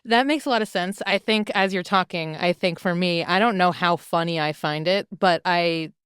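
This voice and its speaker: A woman hosting a casual interview, reflective and gentle in her replies. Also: lowish voice, moderate pace, smooth, no room sound, studio quality. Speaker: interview host.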